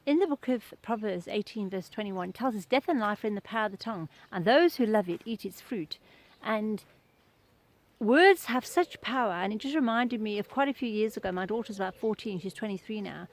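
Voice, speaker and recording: A woman's voice: medium pitch, lively intonation, fairly quick, low-quality recording. A middle-aged woman giving an informal devotional talk, earnest and conversational, telling everyday anecdotes.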